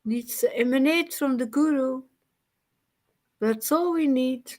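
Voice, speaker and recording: Woman chiming in, fairly high voice. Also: slow, a little mellow. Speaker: participant in devotional group. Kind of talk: casual chat.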